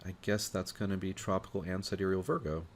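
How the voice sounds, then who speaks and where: A man's voice: low-pitched, fairly even intonation, quick pace, a little hiss or hum. A man hosting an informal talk, thinking aloud as he walks through astrology charts, with many fillers and restarts. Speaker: astrologer host.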